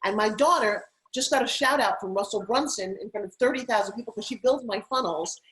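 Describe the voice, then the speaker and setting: A middle-aged woman, a TV host and spokesperson, telling animated stories as an interview guest. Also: on the high side, rough recording. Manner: animated, rapid anecdotal telling. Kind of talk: casual interview storytelling.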